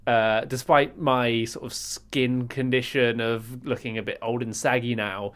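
A man's voice: mid-range voice, measured pace. Wry English man telling a story. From England. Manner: wry, storytelling with deadpan asides. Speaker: podcast co-host. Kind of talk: casual chat.

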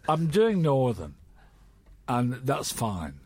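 A man's voice: a little high, normal speed, dry recording. Podcast host guy, teasing and jokey, voice bounces around a lot, dry close mic. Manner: teasing, lively storyteller. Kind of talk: casual comedy chat.

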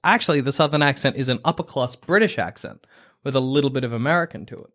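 An Australian man co-hosting a casual podcast chat, animated and jokey, slipping into mock accents. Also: medium pitch, fast talker. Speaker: podcast co-host.

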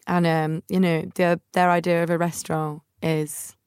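Speaking at a moderate pace, a young podcast host with a low-leaning, slightly mellow voice keeps a level tone that is clear and resonant. She shares humorous travel anecdotes in a casual, self-mocking monologue, voicing her family members, and the studio-quality recording is dry.

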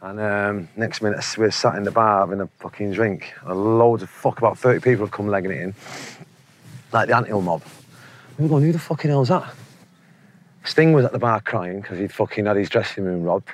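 A man's voice: fairly low pitch, a little fast, a little hiss or hum. A Manchester man in his forties, a musician telling laddish, sweary anecdotes in a casual interview, laughing often. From England. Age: 40s.

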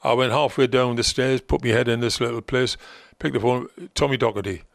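Gravelly older Geordie man telling stories. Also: mid-range voice, steady tone, a little fast, dry recording, clean studio sound. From North East England. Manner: rambling, with many ums and restarts. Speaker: guest, former football manager. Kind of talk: relaxed anecdotal storytelling.

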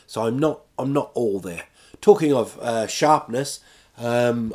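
A man's voice: mid-range voice, unhurried, a little mellow. Rambling man chatting. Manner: rambling, self-mocking, acts out quotes. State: recovering from illness. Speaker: podcast host. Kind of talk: casual chat. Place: at home.

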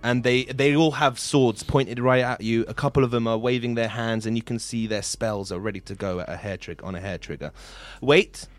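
A man's voice: mid-range voice, steady tone, moderate pace, few pauses. A man hosting and narrating an improvised tabletop game as game master, loose and full of ums and restarts. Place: podcast studio.

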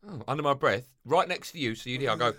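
A middle-aged man hosting a podcast, firing off teasing questions and quick jokes. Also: mid-range voice, pushed and bright. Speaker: podcast host. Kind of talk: casual chat.

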